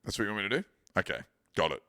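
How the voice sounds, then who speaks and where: A man's voice: fairly low pitch, very animated, very fast, sharp tone. An Australian man chatting casually on his live stream, swearing and laughing in a loose, rambling way.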